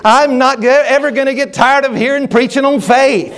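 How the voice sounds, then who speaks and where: A middle-aged man preaching with a high voice. He drives his points home by repeating phrases, and he stumbles and restarts as he builds. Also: steady tone, normal speed, fairly bright tone. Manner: emphatic, repetitive, with frequent restarts. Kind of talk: sermon.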